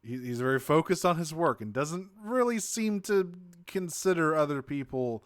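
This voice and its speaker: A man's voice: fairly high pitch, expressive, normal speed, no room sound, studio quality. A man co-hosting a podcast, animatedly recapping a cartoon episode with laughs and quoted lines. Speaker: podcast co-host. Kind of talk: casual chat recapping a cartoon.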